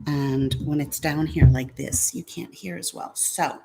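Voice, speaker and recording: Low, slow-talking woman vlogger. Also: fairly even intonation, gravelly, noisy background. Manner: chatty, sarcastic, swears when frustrated. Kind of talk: casual vlog chat. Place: home room with a fan.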